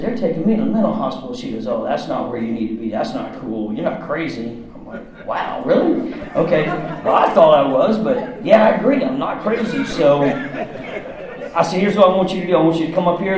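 Man, fairly high voice, gritty profane storyteller, very roomy echo. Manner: rough-edged, profane, talks in run-on bursts. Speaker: storyteller recounting his past. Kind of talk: candid personal story. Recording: very echoey room.

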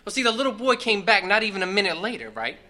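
Give me a man telling his personal recovery story in a casual, rambling way, with a bright, forceful voice. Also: high voice, big pitch swings, fast. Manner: casual, profane, full of fillers. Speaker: speaker sharing at a recovery meeting. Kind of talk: personal testimony share.

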